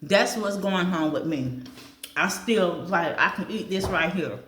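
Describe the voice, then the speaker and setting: A woman chats casually on camera while she eats breakfast, going down a food list and adding her own comments. Her voice sits a little low and she talks at an unhurried pace. The room around her is echoey. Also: a bit bright. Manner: chatty, reads a food list aloud and comments on it; talks with her mouth full. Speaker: vlogger. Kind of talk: casual chat while eating.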